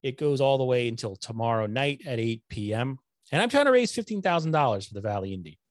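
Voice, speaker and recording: A middle-aged man hosting a casual livestream from home, rambling and joking at his own expense, a little hoarse from talking. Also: mid-range voice, very animated, fast, no room sound, studio quality. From Connecticut. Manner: rambling, self-deprecating, joking. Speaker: host of a nonprofit news livestream. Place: home room lit with LED lights. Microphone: desktop microphone.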